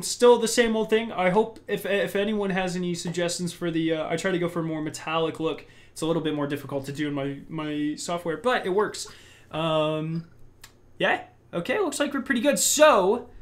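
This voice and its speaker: A young man hosting a casual gaming podcast from home, rambling upbeat with many restarts. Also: high voice. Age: young adult. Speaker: podcast host.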